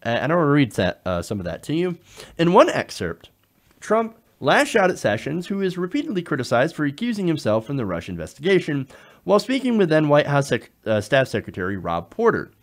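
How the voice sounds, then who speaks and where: A man hosting a political commentary show, talking in an animated way with frequent fillers and restarts. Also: on the high side, a little fast.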